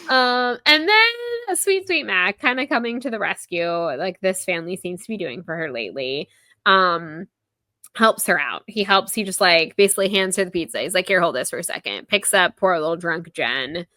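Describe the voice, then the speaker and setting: Her voice on the low side and her speed normal, a young woman on a podcast casually recaps a book chapter. She's chatty and animated as she retells scenes, with heavy use of "like." No room sound is present.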